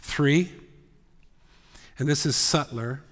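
A man preaching a sermon, swinging from full voice down to hushed whispers. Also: fairly high pitch, slow, in a large hall. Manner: dramatic, drops often to a whisper. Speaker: pastor. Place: church sanctuary.

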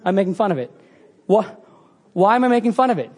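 A young adult man with a high-pitched voice preaching to his church. He talks casually and acts out the people in his stories, with lively swings in pitch and loudness. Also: fast talker, slightly rough. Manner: animated, acts out quoted voices. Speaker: pastor. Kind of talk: sermon.

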